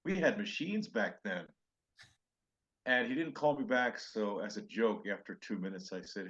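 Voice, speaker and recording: A man's voice: lowish voice, normal speed, slightly rough, lo-fi sound. Older male comedian telling anecdotes. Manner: animated anecdotes with acted-out quotes. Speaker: comedian guest. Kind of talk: storytelling interview chat.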